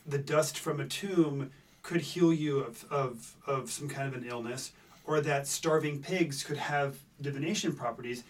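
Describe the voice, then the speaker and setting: A man co-hosting a casual podcast chat about tabletop games, rambling with restarts and growing animated when he makes a point. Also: medium pitch, a little slow, distant mic, a little hiss or hum. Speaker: podcast co-host.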